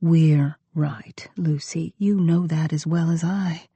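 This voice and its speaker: A woman reading the part of an earnest married man who speaks in a low, deep drawl and pleads his case. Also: fairly even intonation, takes it slowly, dark tone, husky, no room sound, exaggerated voice. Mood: whispered. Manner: persuasive, pleading.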